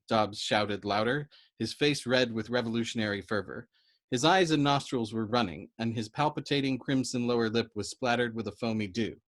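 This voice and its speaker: A man reading a novel aloud as a storyteller, in steady, low-key narration. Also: normal speed.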